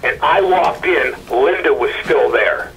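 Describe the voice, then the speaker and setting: A man recounting a painful personal story in a halting, stammering way, acting out the people he quotes. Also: on the high side, animated, vocal fry, fairly bright tone, poor audio. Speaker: husband of a missing woman, interview guest. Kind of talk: emotional personal account.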